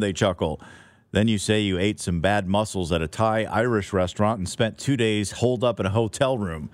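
A man's voice: on the low side, dry recording. A middle-aged man telling a scripted, wry, playful story as a podcast host.

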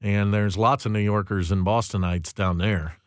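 A man's voice: fairly low pitch, steady tone, normal speed, dry recording, clean studio sound. A man co-hosting a talk radio show in casual banter, needling his partner and rambling with restarts. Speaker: radio co-host. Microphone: studio broadcast mic.

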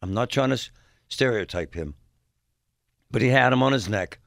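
A man hosting a talk show, telling a story in an animated, mocking way and mimicking yelling parents. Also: mid-range voice, moderate pace, creaky, no echo, clean studio sound. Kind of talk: storytelling monologue.

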